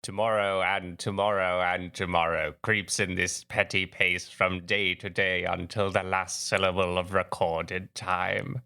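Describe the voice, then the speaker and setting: A man plays a doomed Scottish king in a grand stage soliloquy, with a put-on Scottish accent. He is dark and brooding and draws every line out slowly. The tone is that of a classic theatre recital. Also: deep voice, flat delivery, creaky, clear, resonant tone, full character voice. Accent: attempted Scottish. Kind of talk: dramatic Shakespeare reading.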